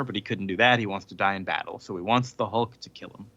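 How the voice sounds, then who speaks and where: A man's voice: lowish voice, steady tone, brisk, sharp tone, dry recording, highs cut off. A man hosting a podcast in casual chat, recapping a comic in a rambling way with many fillers and chuckles. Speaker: podcast host.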